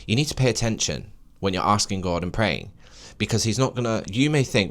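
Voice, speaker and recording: Low-voiced man preaching on his podcast. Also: sing-song, brisk, a bit bright. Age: late 20s. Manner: rambling and preachy, with emphatic encouragement. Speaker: podcast host. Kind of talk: solo podcast monologue.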